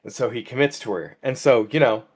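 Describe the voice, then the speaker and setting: A young man co-hosting a comedy podcast, telling an absurd story in halting, rambling bursts. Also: mid-range voice, slightly rough. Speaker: podcast co-host. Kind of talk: casual comedic chat.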